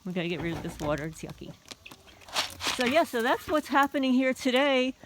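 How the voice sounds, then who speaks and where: A woman with a high, sing-song voice talks briskly in a casual walk-and-talk vlog outdoors on her small homestead near a chicken coop. Heavy background noise of crowing roosters and clucking hens surrounds her as she rambles, aggrieved, with wry asides.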